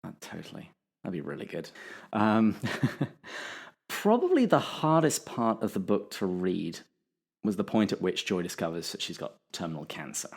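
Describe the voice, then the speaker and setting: A man's voice: low voice, big pitch swings, normal speed, slightly rough. A man hosting a podcast interview, asking questions in an easygoing way and laughing often. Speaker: podcast host. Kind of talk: casual interview.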